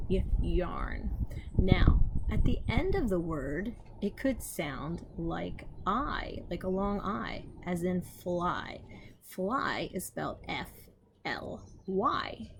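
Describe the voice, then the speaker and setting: A woman teacher slowly sounding out letters and reading aloud to young children outdoors. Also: on the low side, a little hiss or hum. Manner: slow, patient, sounding out letters. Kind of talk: phonics lesson and read-aloud for young children.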